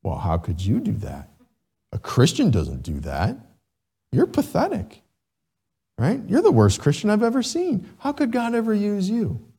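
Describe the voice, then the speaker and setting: A man's voice: high-pitched, huge pitch swings, a little slow, dark tone, breathy edge, pitched above the performer's own voice, full character voice. A man voicing a sneering male devil who taunts and accuses a believer with contempt in a sermon. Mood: taunting.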